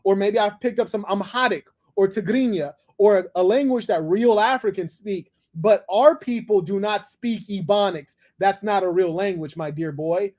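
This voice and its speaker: High-pitched, condescending male stream host. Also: moderate pace, hardly any pauses, darkish tone. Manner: condescending, lecturing, mocking. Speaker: livestream host taking callers. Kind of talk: combative live call-in commentary.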